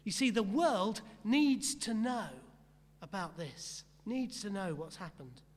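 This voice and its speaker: A man delivers a sermon in a notably high voice, driving his points home with repeated phrases and questions put to the congregation. His words ring out with a long reverb, as if heard in a church hall. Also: animated, takes it slowly. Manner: rhetorical, repetitive emphasis, asks the congregation questions. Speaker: pastor.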